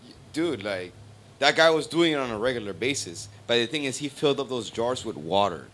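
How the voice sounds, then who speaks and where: A man's voice: mid-range voice, expressive, fairly quick, a bit bright, a little hiss or hum. A man in a band, guesting on a live stream show and talking casually in a rambling, profane way. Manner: rambling, profane, filler-heavy.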